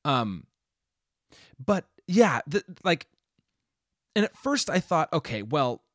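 A man's voice: fairly high pitch, sing-song, slow, a bit bright, no room sound, studio quality. A man co-hosting a film review podcast, chatting casually and rambling with many restarts. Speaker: podcast co-host.

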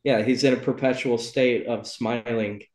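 A podcast host with a medium-pitched, slightly mellow voice leads a casual book club chat at a normal speed and fairly even intonation. He rambles loosely, full of ums and self-corrections, and the room adds a roomy echo.

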